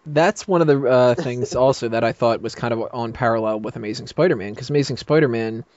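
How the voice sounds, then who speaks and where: A man's voice: medium pitch, quick pace, darkish tone, no echo. A man talks loosely in a casual podcast roundtable and pads his points with fillers. He laughs as he goes. The sound is dry and dull, as from a cheap mic. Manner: rambling, filler-heavy, laughs often. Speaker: podcast panelist.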